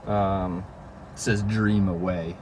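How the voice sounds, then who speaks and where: Man, vlogger, casual chat, slow drawl, rambling with fillers, noisy recording. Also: low-pitched, flat delivery, darkish tone. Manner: rambling, filler-heavy, swears and laughs.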